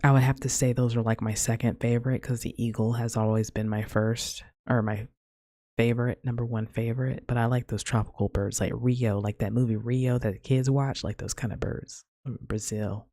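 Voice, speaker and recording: A woman rambles through a casual solo podcast, her voice gravelly and a little husky. She talks loosely, with plenty of filler words. The sound is dry and close to the mic. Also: extremely low pitch, fairly even intonation, moderate pace, mellow, dry recording. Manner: rambling, chatty, peppered with "like" and "man". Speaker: podcast host.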